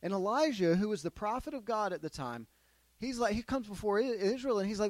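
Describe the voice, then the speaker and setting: A man leads children through a Bible lesson, pausing again and again to put questions to them. His voice sits fairly high and he tells the story with lively swings. The sound is dry and close. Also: dry recording. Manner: asks the kids questions, animated storytelling. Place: classroom with children.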